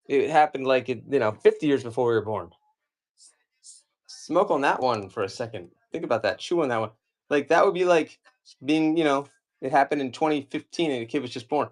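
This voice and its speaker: A man in his forties from the United States, rambling casually through a live-stream comic auction with lots of fillers and asides. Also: medium pitch. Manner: rambling and chatty, many fillers.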